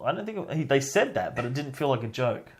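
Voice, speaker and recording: Lively podcast co-host, man. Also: mid-range voice, fast. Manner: animated, laughs often, acts out quotes. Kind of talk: casual film review chat.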